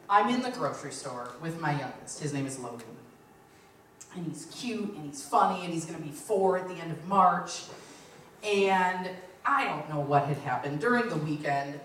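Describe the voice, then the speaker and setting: A woman's voice: fairly low pitch, fairly bright tone, a little hiss or hum. A woman in her thirties performing live stand-up comedy, telling chatty stories and acting out what people said. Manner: chatty storytelling, acting out quotes. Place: lounge stage. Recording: very echoey room, distant mic.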